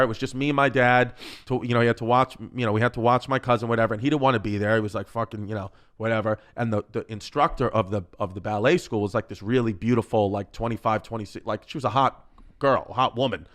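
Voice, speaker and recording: A comedian telling rowdy family stories on a podcast, animated and swearing. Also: male voice, mid-range voice. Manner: animated, swearing, breaks into laughter. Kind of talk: storytelling on a podcast.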